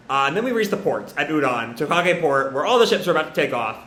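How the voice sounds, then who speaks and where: A man's voice: a little high, very animated, quick pace, hardly any pauses, a bit bright, slight background noise. A young man casually reading out a manga chapter and reacting, chatty with many fillers. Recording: roomy echo.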